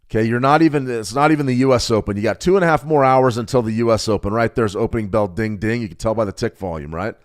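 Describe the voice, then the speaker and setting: Brief: male market host, rambling chart commentary, stutters and restarts often, mid-pitched voice. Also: fast talker, few pauses.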